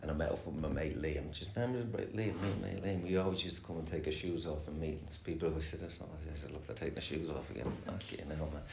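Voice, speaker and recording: Deep-voiced man sharing his story, echoey room. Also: fast, vocal fry, few pauses, a little mellow. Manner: rambling, candid and heavily profane. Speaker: speaker sharing at a recovery meeting. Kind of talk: personal share at a support meeting. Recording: echoey room with faint noise.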